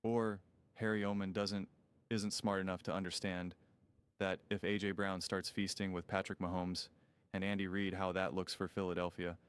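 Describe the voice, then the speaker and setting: A man's voice: sits low, flat delivery, moderate pace, clean tone. A man giving an opinionated sports talk rant, incredulous and sarcastic, with emphatic repetition. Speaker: sports commentator.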